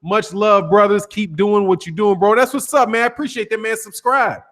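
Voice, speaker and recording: A man's voice: high-pitched, steady tone, moderate pace, a bit bright. A man hosting a casual boxing live stream, reading out viewer names and comments in loose, slangy talk. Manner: loose, slangy, greets chatters one by one.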